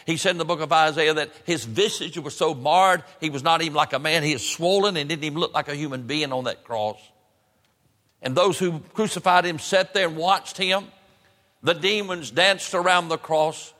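A man preaching a sermon in a church, in an emphatic, rising cadence with drawn-out phrases. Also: on the high side, bright, forceful tone. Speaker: pastor. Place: church sanctuary. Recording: church hall reverb.

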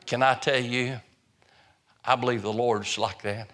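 An older man with a drawl preaches with a bright, forceful tone at a middle pitch. He talks in a folksy way, doubling back on words and restarting phrases as he drives home each point. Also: fairly even intonation, a little slow. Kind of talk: sermon.

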